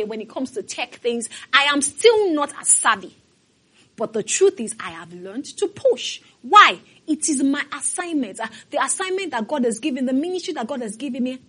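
A woman's voice: on the high side, fairly bright tone, slightly rough. A woman pastor preaching a sermon emphatically and calling out to her congregation.

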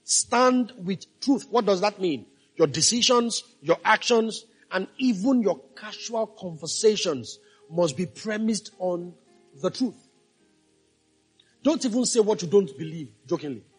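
A man's voice: high-pitched, lively intonation, unhurried, slightly rough, soft background music. A male pastor preaching a sermon, emphatic, repeating key phrases and asking the congregation if they follow.

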